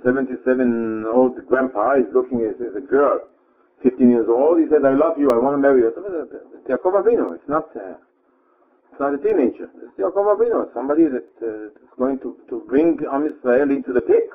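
A man gives a Torah lecture at a mid pitch, explaining Hebrew verses line by line. He often stops and restarts his sentences. The sound is narrow and tinny, like a phone line. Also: animated, normal speed. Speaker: rabbi teaching Torah.

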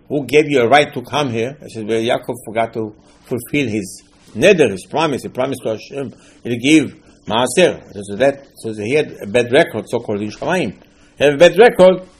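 Gravelly emphatic man giving a sermon. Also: mid-range voice, lively intonation, normal speed. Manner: emphatic, rising to loud bursts, non-native grammar. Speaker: rabbi.

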